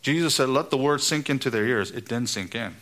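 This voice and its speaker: A middle-aged man preaching a sermon, getting emphatic and rising in pitch on key points. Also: brisk, a bit bright. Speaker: pastor.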